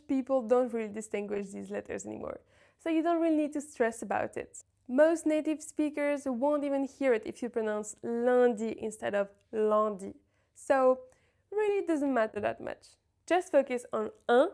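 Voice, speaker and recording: A woman gives a pronunciation lesson in a slightly high voice. She models each example word slowly and with care, then explains it in plain, even terms. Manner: slow, carefully modeled example words. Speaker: French teacher.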